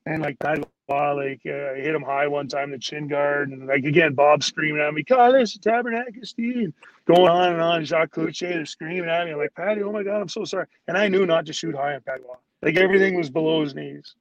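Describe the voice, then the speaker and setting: A man's voice: a little high, fairly even intonation, fairly quick, hardly any pauses, muffled recording, crowd noise. A man who played pro hockey, a guest telling stories in a rambling way, full of "like"s and acted-out quotes of teammates. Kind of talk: casual storytelling.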